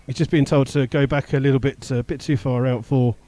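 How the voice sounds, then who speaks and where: A man's voice: mid-range voice, fairly even intonation, fast talker, mellow. A man giving live radio commentary on a football match, rattling off play-by-play with the odd filler and chuckle. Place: stadium commentary position.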